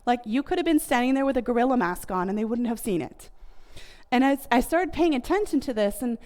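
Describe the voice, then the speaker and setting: Speaking a little high and briskly, this American woman in her thirties has lively intonation and a slightly mellow quality. She chats with an audience about family communication, her talk full of fillers such as "like" and "you know."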